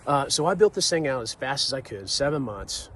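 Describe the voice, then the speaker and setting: Man in his forties, casual vlog monologue, rambling with fillers and restarts, medium pitch, faint traffic outdoors. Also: big pitch swings, fairly quick, a bit bright. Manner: rambling, lots of fillers and restarts, says dude and right. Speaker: vlogger.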